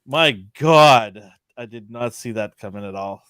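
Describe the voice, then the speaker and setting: An older man hosting a casual pop culture chat, animated and laughing often. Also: medium pitch, a little slow, smooth, dry recording, studio quality. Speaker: podcast host.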